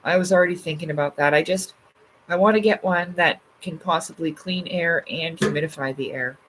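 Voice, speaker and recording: A woman's voice: on the low side, a little fast, noisy background. Chatty swearing woman on a livestream. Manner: chatty, swears freely, many "like" fillers. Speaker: livestream host. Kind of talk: casual live chat reading comments.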